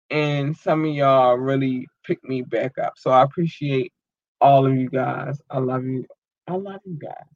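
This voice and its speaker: A man hosting a podcast, giving casual shout-outs to his listeners and talking in a loose, emotional way with a lot of swearing. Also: on the high side, no room sound, lo-fi sound. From United States. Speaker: podcast host.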